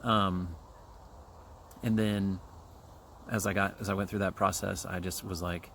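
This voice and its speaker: Low, gravelly forties man from Kansas City, rambling casual podcast host, profane and full of fillers, faint trail noise behind. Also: little pitch movement, normal speed, long pauses, a bit bright. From Kansas City, USA. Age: 40s. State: chewing gum. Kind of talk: casual solo podcast monologue. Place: outdoors on a trail. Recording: faint outdoor background noise.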